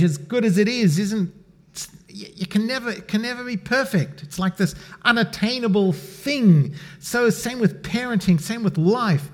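A middle-aged man preaching a sermon in a conversational way, swinging from loud emphasis to a near-whisper. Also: high-pitched, normal speed. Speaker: pastor.

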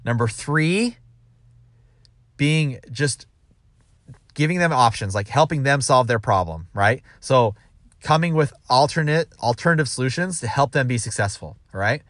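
A man's voice: mid-range voice, lively intonation, normal speed, fairly bright tone, no room sound, clean studio sound. Man rambling through casual workplace advice. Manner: rambling with restarts, acts out quoted dialogue. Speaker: sales manager.

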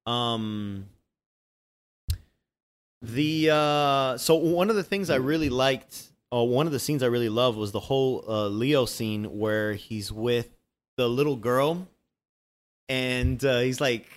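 A man chatting casually about a movie, rambling and animated, swearing freely. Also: medium pitch, slow.

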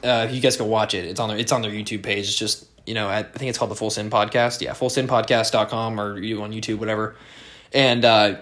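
A man's voice: on the low side, steady tone, fast, fairly bright tone. A young American man riffing alone on his podcast, loose and unscripted. He rambles, swears freely and circles back on himself with plenty of fillers and restarts. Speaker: podcast host. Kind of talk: casual solo podcast monologue.

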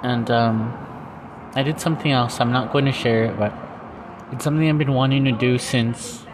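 A man with a medium-pitched voice hosts his own podcast, working through personal reflections earnestly but haltingly, full of fillers and restarts. Crowd noise can be heard.

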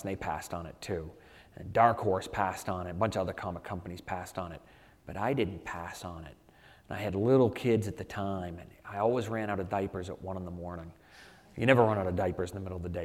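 A man, an author being interviewed, telling animated anecdotes with lots of "you know" fillers. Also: fairly low pitch, in a large hall. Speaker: author guest. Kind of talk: conversational storytelling.

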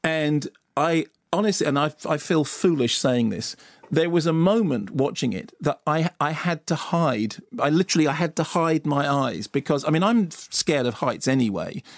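A film critic talks eagerly on a radio show, tripping over his words and restarting sentences. His voice has a gravelly edge and sits in a mid range. The studio sound is very dry. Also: a little high, expressive, normal speed, dry recording. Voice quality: enthusiastic, lots of stumbles and restarts. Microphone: studio radio mic.

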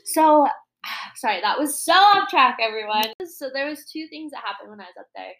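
A young woman in her twenties with a slightly high voice tells workplace stories in a loose, chatty podcast. She swears freely and jumps into the voices of the people she quotes, keeping the story moving. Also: animated, moderate pace, fairly bright tone, poor audio. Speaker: podcast co-host. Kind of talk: casual chat storytelling.

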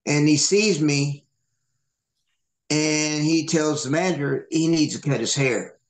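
A man's voice: a little high, slow. A man hosting a podcast, casually telling a long story, swearing and acting out the people he quotes. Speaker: podcast host. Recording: echoey room.

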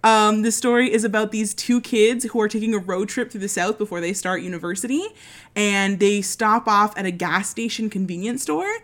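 Co-hosting a casual chat, a woman with a mid-range voice speaks at a moderate pace. She tells animated stories full of swearing, suddenly slipping into put-on voices as she retells scenes.

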